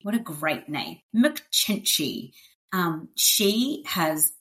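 A woman's voice: fairly low pitch, animated, very slow, fairly bright tone. A woman hosting a podcast in a chatty, upbeat way, full of fillers and asides. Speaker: podcast host. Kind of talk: casual chat.

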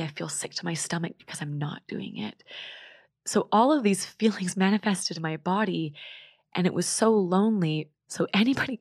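A young woman talks as an interview guest in a low, even voice. She is earnest and open, and at times her words sink into a breathy near-whisper. The sound is dry and close to the mic. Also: dry recording. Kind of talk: reflective conversational interview.

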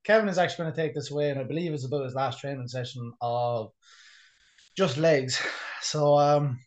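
A man's voice: mid-range voice, fairly quick, dull audio. A man co-hosting a podcast, chatting casually in a bedroom with sweary, laughing banter. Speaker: podcast co-host and personal trainer. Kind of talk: casual chat.

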